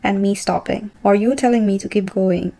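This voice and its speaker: A brooding young man, intense and hushed in a low murmur, as a woman reads his lines aloud. The voice is gravelly and mellow, with no real attempt to sound male. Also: steady tone, normal speed, poor audio.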